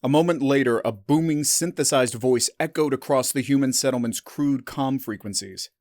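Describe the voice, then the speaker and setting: A male narrator reads a science fiction story in a steady, dramatic way. His voice sits mid-pitched, and the recording is close and dry with no room sound. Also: moderate pace, dry recording.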